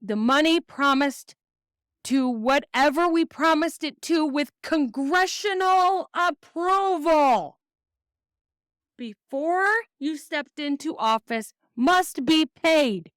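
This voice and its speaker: A woman's voice: high voice, slow, dry recording, studio quality. A woman from the United States hosting a podcast, giving angry political commentary full of swearing and reading news excerpts aloud. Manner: profane, ranting, reads news aloud. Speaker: podcast host.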